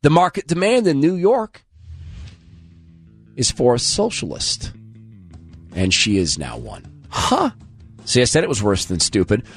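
A man's voice: medium pitch, wildly swooping pitch, a little slow, long pauses, breathy edge, faint music behind. A man hosting a talk radio show, delivering a sarcastic monologue with mocking asides.

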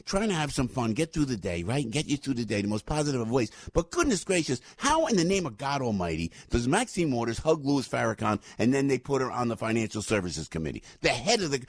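A male radio host delivers a rambling, emphatic monologue into a studio mic. His voice is husky and dry, with pitch that leaps and swings widely as he gets fired up. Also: sing-song, fast talker, few pauses, no room sound. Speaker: radio talk show host. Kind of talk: opinionated talk radio monologue.

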